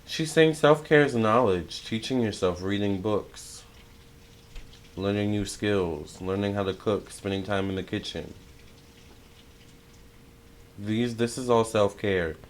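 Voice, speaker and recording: A young man talks through a spiritual tarot reading in a loose, chatty way, full of fillers and restarts. His voice sits a little low and he turns excitable. He sounds like a casual online reader talking to his audience. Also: slow, long pauses. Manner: excitable, chatty, many fillers and self-corrections. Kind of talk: casual spiritual channeling talk.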